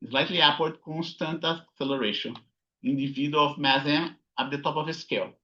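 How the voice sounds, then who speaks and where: A man's voice: on the high side, fairly even intonation, fairly quick, bright, forceful tone, muffled recording. A man teaching a physics lesson over slides, thinking aloud and often checking with "okay?" and "right?". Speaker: physics instructor. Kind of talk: recorded lecture with slides.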